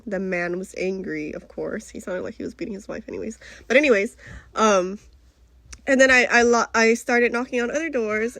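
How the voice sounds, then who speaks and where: A young woman vlogging in casual storytelling style, self-mocking and animated, laughing often and acting out her own lines. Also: mid-range voice, dry recording. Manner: frequent restarts and acted-out quotes. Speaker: travel vlogger.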